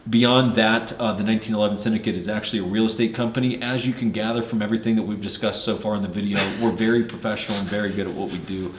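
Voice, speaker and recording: A man's voice: on the low side, steady tone, very fast, few pauses, echoey room, noisy background. A man hosting a firearms gear channel, joking and rambling with many fillers in casual review chat, in a cold shoot house.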